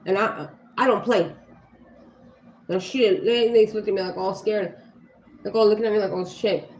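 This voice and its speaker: A woman's voice: medium pitch, fairly even intonation, normal speed, a little mellow. A woman livestreaming in casual talk, blunt and heated, swearing often and filling her speech with "you know" and "like.". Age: adult with young children. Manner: heated, blunt, swears freely, many fillers. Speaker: livestream host. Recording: echoey room with faint ambient noise.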